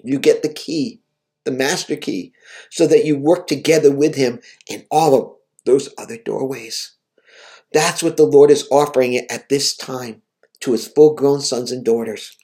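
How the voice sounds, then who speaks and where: A man with a mellow, medium-pitched voice preaches steadily and without hurry, describing a vision. His exhortation to listeners is earnest and emotional, framed as devotional teaching.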